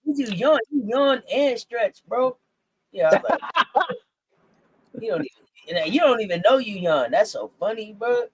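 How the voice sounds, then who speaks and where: A co-host in a casual live sports chat, animated and teasing, reading chat comments aloud. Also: mid-range voice, normal speed, husky, poor audio.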